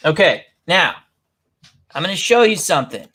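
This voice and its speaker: A man's voice: a little high, very animated, moderate pace, pushed and bright, husky. Rambling, giggly male chat host. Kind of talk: casual chat.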